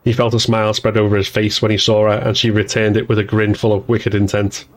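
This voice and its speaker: A man narrating an audiobook in an even, measured storytelling voice. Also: on the low side.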